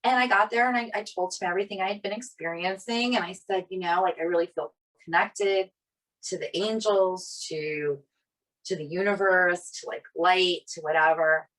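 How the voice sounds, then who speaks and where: A woman's voice: on the low side, moderate pace. A woman co-hosting a podcast, telling a personal story in casual chat and acting out the people she quotes. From Italian family. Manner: animated storyteller, quoting others with many "like" fillers. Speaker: podcast co-host.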